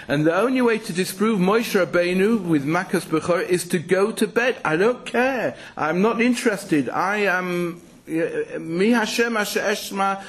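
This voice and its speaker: A man teaching in a sermon, telling stories with lively restarts and asides. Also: fairly high pitch, breathy edge. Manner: animated storytelling, halting restarts. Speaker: rabbi teaching.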